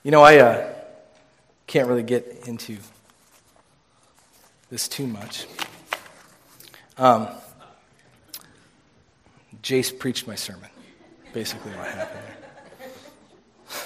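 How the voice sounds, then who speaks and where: A man's voice: medium pitch, takes it slowly, pauses often, slight background noise. A man preaching an informal sermon in a church room, casual and joking with many restarts.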